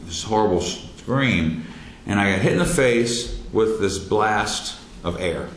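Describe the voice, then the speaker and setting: A man with a drawl tells a personal story, his voice deep and low. He talks haltingly, with fillers and restarts, raising his voice for quoted shouts. The sound carries a roomy echo over faint background noise. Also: expressive. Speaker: speaker telling his near-death experience.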